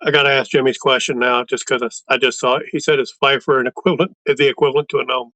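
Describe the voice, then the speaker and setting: A man's voice: medium pitch, little pitch movement, racing, sharp tone, no room sound, low-quality recording. A man hosting a casual interview, easygoing and a little hesitant as he reads out viewer questions. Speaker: interview host.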